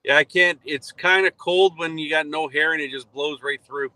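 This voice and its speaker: A man's voice: on the high side, steady tone, moderate pace, sharp tone, no room sound. A man calling in live as a contributor, giving laid-back, joking replies. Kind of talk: casual live chat.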